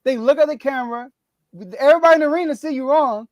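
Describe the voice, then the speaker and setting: A man's voice: extremely high pitch, quick pace, a little mellow, dry recording. A man hosting a casual sports talk podcast, laughing often and ranting with animation. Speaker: podcast host.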